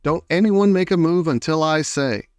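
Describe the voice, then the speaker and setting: A man's voice: fairly high pitch, moderate pace, dry recording, clean studio sound, lightly acted. A man reading aloud voices a flustered, bossy fire chief in a storybook. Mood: alarmed.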